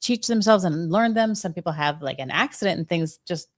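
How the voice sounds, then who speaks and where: Low-voiced chatty woman co-host. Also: brisk. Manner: chatty, fillers like "like" and "you know". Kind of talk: casual live Q&A chat.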